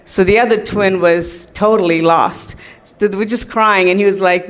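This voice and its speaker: A woman's voice: mid-range voice, moderate pace. A middle-aged woman sharing personal stories in a tribute to her teacher, in a chatty, anecdotal way with many fillers. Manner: chatty storytelling, often laughing, many fillers.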